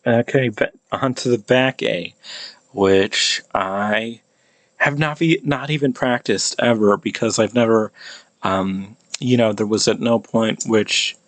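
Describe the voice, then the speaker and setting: A man's voice: fairly low pitch, slow pace, no echo. An American man practicing old pronunciations aloud, repeating each sound many times with a hesitant, restarting manner. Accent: American English. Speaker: language hobbyist teaching pronunciation. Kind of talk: casual pronunciation practice video.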